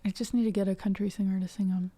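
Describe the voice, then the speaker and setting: A woman's voice: medium pitch, level tone, very fast, mellow. A woman from the Ohio River Valley hosting a music livestream, chatting casually and rambling with restarts and fillers. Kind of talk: casual chat with stream viewers.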